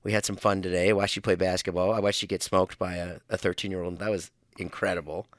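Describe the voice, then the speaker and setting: A man's voice: deep voice, level tone, quick pace, no room sound, studio quality. A middle-aged man co-hosting a podcast, teasing and laughing in casual chat. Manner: teasing, laughs often, short replies. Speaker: podcast co-host.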